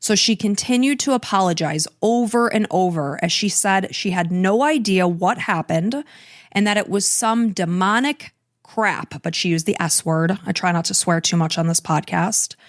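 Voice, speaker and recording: A woman's voice: mid-range voice, moderate pace, no echo, studio quality. A woman hosting a true crime podcast, earnestly recounting events step by step. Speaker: podcast host.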